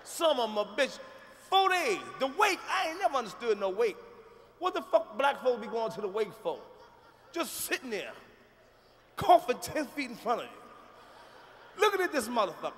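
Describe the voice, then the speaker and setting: A man's voice: very high voice, big pitch swings, moderate pace, long pauses, a bit bright. A man doing a live stand-up routine, profane and emphatic in a conversational way. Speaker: stand-up comedian. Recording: live stage show in a large hall. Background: audience laughter.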